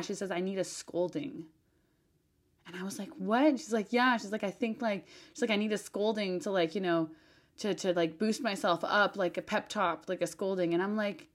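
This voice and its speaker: Woman rambling on her podcast, animated and chatty, lots of um and like, mid-pitch voice. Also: moderate pace. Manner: animated, chatty, many fillers and restarts; expressive, swears for emphasis. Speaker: podcast host and business advisor. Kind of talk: casual monologue podcast.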